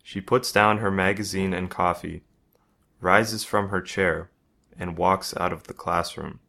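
A man reads a first-person story aloud in a measured, even way. His voice sits very low and the pace is slow and deliberate. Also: vocal fry. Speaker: narrator.

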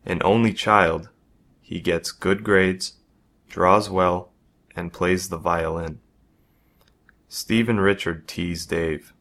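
A man narrating a first-person story in a measured, even reading. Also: sits low.

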